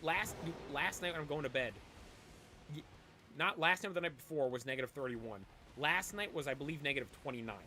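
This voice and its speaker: A man's voice: fairly high pitch, expressive, brisk, sharp tone, a little hiss or hum. A man chatting casually on a live stream, rambling and talking straight to his chat. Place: cold room at home.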